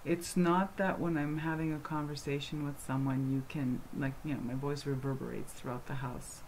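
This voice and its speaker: A woman with a fairly low voice chats casually to camera from her home, answering viewer questions. She rambles through fillers and restarts, turning animated and passionate as she goes. A faint hiss sits underneath. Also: normal speed. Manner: animated and passionate when speaking. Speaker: vlogger answering fan questions. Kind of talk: casual chat.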